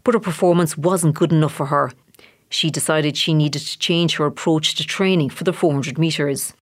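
A reporter narrating a scripted sports feature in a measured news voice-over. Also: mid-range voice. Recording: voice-over with faint music.

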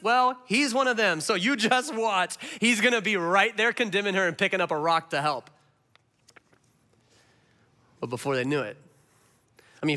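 A male pastor giving a sermon as an animated storyteller. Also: sits high. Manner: animated storyteller with big swings in voice.

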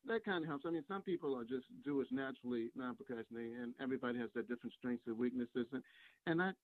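A man calling into a radio show, chatting in a friendly, easygoing way with some halting restarts. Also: medium pitch, no echo, phone-quality sound. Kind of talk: casual phone-in chat.

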